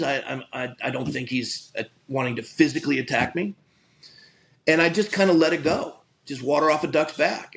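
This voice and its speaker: Recorded roughly, a middle-aged pastor whose voice sits on the high side tells a story from his own life. He is earnest and conversational, often beginning sentences again and repeating himself with a stammer.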